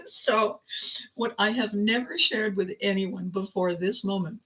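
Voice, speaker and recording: An older woman hosting her own video, telling a personal story in a casual, animated way with frequent laughter. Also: mid-range voice, unhurried, rough recording. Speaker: vlog host.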